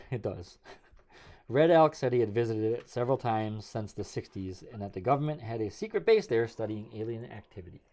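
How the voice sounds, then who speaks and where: A man with a somewhat low voice co-hosts a casual podcast. He tells a strange story loosely and chuckles often along the way. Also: expressive, brisk, mellow. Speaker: podcast co-host. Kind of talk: casual chat.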